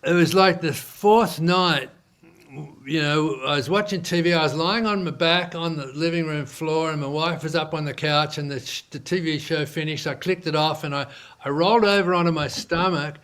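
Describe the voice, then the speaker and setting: Guy with a higher-pitched voice chatting through an old business story, loose and rambly. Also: moderate pace. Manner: animated storyteller who acts out quoted dialogue; loose, restarting speech with many fillers. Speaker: entrepreneur guest. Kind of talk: casual storytelling interview.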